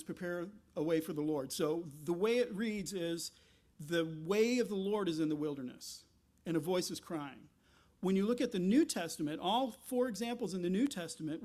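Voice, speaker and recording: High-voiced man preaching a sermon. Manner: animated teaching with asides and rhetorical questions. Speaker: pastor.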